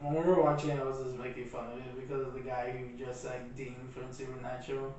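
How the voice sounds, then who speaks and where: A man's voice: mid-range voice, little pitch movement, quick pace, heavy reverb, far from the mic, over a noisy crowd. A man co-hosting a casual movie review, talking in a laid-back, slangy way. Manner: laid-back slangy, says "bro" a lot. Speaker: podcast co-host.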